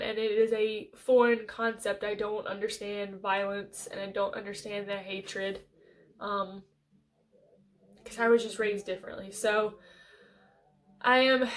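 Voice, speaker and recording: An American woman giving an earnest life update on her vlog, halting and thinking aloud with frequent restarts. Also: on the high side. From United States. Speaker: vlogger.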